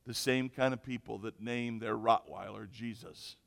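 A man voicing a talking pet bird that speaks in a low, hushed, menacing tone during a sermon joke. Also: fairly even intonation, normal speed, gravelly, natural voice. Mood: ominous. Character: ominous male talking parrot. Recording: echoey hall.

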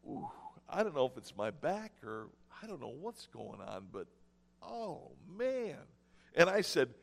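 A man preaching a sermon, telling stories with sarcastic mock cheer and dramatic pauses. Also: on the high side, big pitch swings, gravelly, big-room sound. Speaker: pastor. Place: church sanctuary.

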